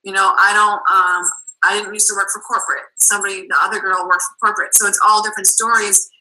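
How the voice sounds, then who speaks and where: Boston woman on a team call, super bright voice, talks in quick chatty bursts with lots of "like". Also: mid-range voice, level tone, low-quality recording. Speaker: guest coach. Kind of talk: casual chat on a team call.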